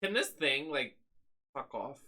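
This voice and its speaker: Man streamer, bright tone, lively sassy commentary. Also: medium pitch, unhurried. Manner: sassy, crude, jokey asides. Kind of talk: live game stream commentary.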